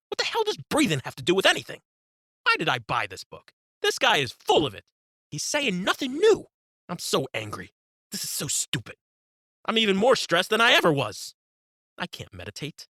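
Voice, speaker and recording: A man's voice: on the high side, sharp tone, dry recording, studio quality, pitched above the performer's own voice, full character voice. A man doing an exasperated ranting inner critic. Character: angry, fed-up inner critic voice.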